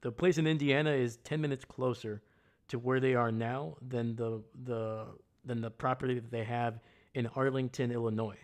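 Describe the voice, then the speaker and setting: Guy ranting on his stream, blunt and fired up, mid pitch. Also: steady tone, normal speed. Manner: greets chat viewers loudly. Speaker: livestream host. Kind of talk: casual live-stream rant.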